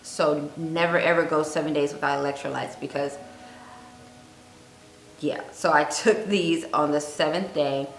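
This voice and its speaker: A woman giving earnest fasting advice on her vlog, telling a personal story and repeating points for emphasis. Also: deep voice, fairly even intonation. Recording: echoey room with faint music.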